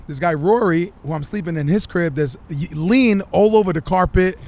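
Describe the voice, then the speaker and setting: A man, a musician guest on a podcast, telling his story in an animated, profane way and acting out what people said. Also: on the high side. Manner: animated, profane, acts out quotes.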